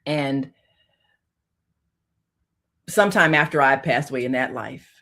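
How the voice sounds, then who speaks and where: Brief: female radio host, deep voice, heartfelt spiritual storytelling, shifts from hushed to loud. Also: measured pace. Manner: emotional, swings from hushed to loud; conversational, many "you know" fillers. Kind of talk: personal storytelling on spiritual topics.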